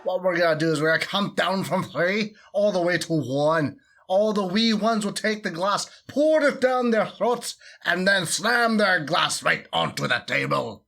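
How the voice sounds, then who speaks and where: A man putting on a Scottish accent, playing a hammy Scottish man announcing a beer chug in a loud, drawn-out way. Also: high-pitched, animated, creaky, voice pushed up, heavily acted. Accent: put-on Scottish.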